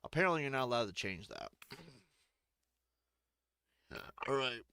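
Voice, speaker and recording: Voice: mid-range voice, lively intonation, a little slow, bright, forceful tone, clean tone, dry recording. A streamer giving crude, joking gameplay commentary, often laughing between remarks.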